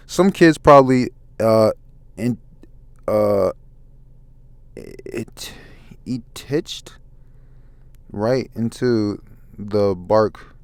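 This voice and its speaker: A man in a soft-spoken ASMR comic review, reading haltingly, stumbling over words and apologizing. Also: lowish voice, smooth, dry recording. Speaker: ASMR manga reader.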